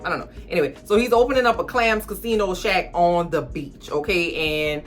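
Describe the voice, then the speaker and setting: A woman ranting casually about a TV episode at home, animated and slangy, chatting straight to her viewers. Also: lowish voice, brisk. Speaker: TV recap vlogger. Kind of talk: casual TV recap rant.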